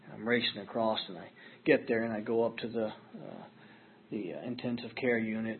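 A man's voice: on the low side, steady tone, fairly quick, slight background noise. A middle-aged man speaking at a recovery meeting, telling his own story in an earnest, self-deprecating way. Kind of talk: personal storytelling talk. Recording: tinny phone-like audio.

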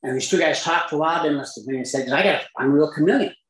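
An older man with a drawl spins his recovery story for a live crowd, poking fun at himself and chuckling along the way. His voice sits a touch high for a man, and the room around him rings with echo. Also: racing, a bit bright. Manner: wry, self-mocking humor, chuckling at his own story. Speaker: recovery speaker. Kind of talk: storytelling talk to a live audience.

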